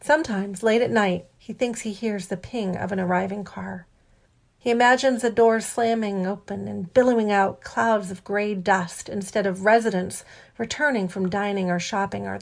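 Woman reading an audiobook, measured and wry, mid pitch voice. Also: vocal fry. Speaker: narrator. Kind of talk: audiobook narration.

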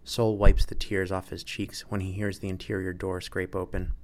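A man reading a story aloud in an even, measured manner. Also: deep voice. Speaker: narrator. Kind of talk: audiobook narration.

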